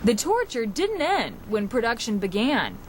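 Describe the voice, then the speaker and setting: A woman's voice: on the high side, big pitch swings, moderate pace, slight background noise. A woman narrating a TV documentary with a polished, dramatic delivery. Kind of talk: scripted narration. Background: music bed.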